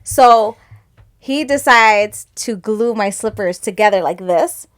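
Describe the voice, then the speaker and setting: A woman's voice: medium pitch, slow. A woman co-hosting a podcast who rambles through family stories in casual chat and laughs often. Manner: rambling storyteller, laughs often, acts out relatives' lines. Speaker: podcast co-host.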